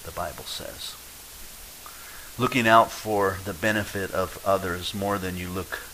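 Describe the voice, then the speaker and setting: Pastor guy giving a sermon, low-ish bright voice, acts out the voices, some faint hiss. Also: low-quality recording. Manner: lively, acts out quoted voices, wide swings in loudness.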